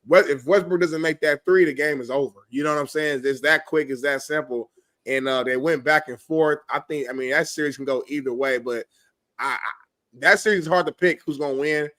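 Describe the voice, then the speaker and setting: A man co-hosting a sports talk show talks through his predictions in a steady, reasoning way. His voice sits a bit higher than most men's. It is recorded dry and close, with no room sound. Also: no room sound. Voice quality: measured, reasoning, conversational.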